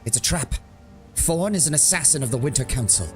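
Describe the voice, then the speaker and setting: A man reading game dialogue aloud, voicing a sharp-tongued female elf warrior who accuses and scorns. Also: lowish voice, lively intonation, a little fast, music in the background, lightly acted. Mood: urgent.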